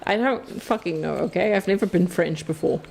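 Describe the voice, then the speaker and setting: A woman's voice: lowish voice, moderate pace, creaky, darkish tone. Woman gaming on stream, chatty and jokey, curses a lot, faint hiss behind. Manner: chatty, playful, swears freely and laughs often. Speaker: game streamer. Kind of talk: casual live-stream chat while playing.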